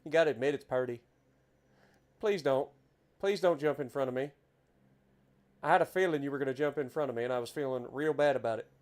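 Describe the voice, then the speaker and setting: A man with an Appalachian accent giving chatty, excitable commentary while playing a driving game. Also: medium pitch, a little fast, pauses often. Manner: chatty, easily excited, exclaims at scenery. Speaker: game streamer. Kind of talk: casual gameplay commentary.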